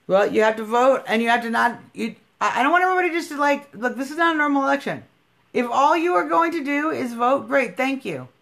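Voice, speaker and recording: A woman's voice: sits high, animated, brisk, vocal fry, a bit bright. A woman hosting a political livestream, talking bluntly and emphatically, scolding her viewers and swearing freely. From United States. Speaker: livestream host.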